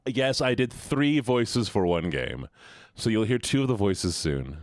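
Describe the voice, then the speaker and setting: Young male streamer, low and lively, rambly, dry sound. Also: a little slow, no room sound. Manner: chatty, rambling, repeats words, laughs often. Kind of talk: casual chat with viewers.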